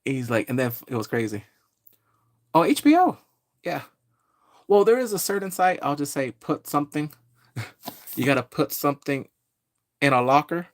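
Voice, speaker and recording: A man's voice: fairly high pitch, very animated. A man giving a rambling, casual live-stream recap, greeting viewers and laughing often. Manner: slips into quick exaggerated character voices. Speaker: live-streaming pop culture reviewer.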